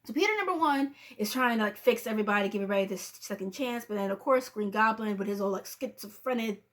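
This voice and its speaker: A woman chatting casually through a film review. She acts out the characters' lines and sometimes drops into soft, near-whispered asides. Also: mid-range voice, fast talker.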